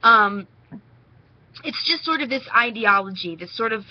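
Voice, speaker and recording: A young Southern-accented vlogger from Nashville, Tennessee, rambles unhurriedly to the camera in a response vlog, her slightly high voice full of lively intonation. The recording is muffled, with no echo.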